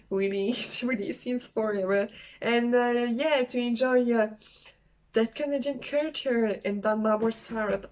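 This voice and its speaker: A young woman from France with a French accent, chatting casually and haltingly in a travel vlog, with many fillers. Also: on the high side, rough recording. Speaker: travel vlogger. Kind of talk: casual solo vlog talk.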